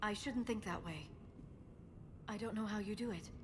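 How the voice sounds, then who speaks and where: An actress voicing an earnest, worried young scientist in a video game, talking softly. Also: female voice, mid-range voice, moderate pace, lightly acted. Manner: soft and worried, self-doubting. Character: earnest young alien woman scientist, anxious. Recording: game audio over steady noise.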